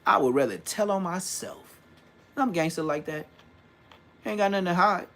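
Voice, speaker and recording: A man's voice: high voice, normal speed. A middle-aged man from California telling street stories in a casual vlog, talking in slang and mimicking other men's voices. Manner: animated slangy storytelling, mimics old homies' voices. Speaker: vlogger. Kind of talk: casual storytelling rant.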